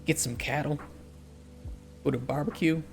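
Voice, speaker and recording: A man voicing a friendly, easygoing Texan man with a put-on Southern drawl, slow and honeyed. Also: on the high side, steady tone, vocal fry, faint music behind. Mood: folksy.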